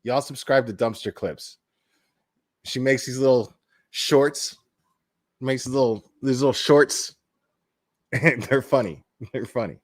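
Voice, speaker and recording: A man's voice: mid-range voice, takes it slowly, pauses often. A man, a crime-commentary vlogger, ranting casually, bluntly and profanely with laughing asides. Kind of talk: casual vlog rant.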